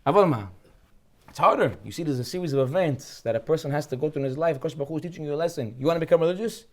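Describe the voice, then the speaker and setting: A rabbi from Brooklyn with a Brooklyn accent, teaching a lively Torah class, joking and firing off rhetorical questions. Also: male voice, on the high side, very fast. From Brooklyn, United States.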